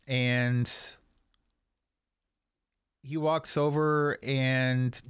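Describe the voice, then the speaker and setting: A man narrating and running a tabletop role-playing game as game master, often pausing with ums. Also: medium pitch, little pitch movement, smooth, dry recording, studio quality. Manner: hesitant, many ums.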